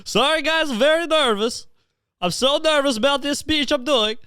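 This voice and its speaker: A man voicing Borat as a nervous man who talks in stiff, formal, halting phrases. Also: very high voice, huge pitch swings, sharp tone, no room sound, clean studio sound, pitched above the performer's own voice, full character voice. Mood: awkward nervous. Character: nervous man stuck in an exaggerated foreign comic-character voice.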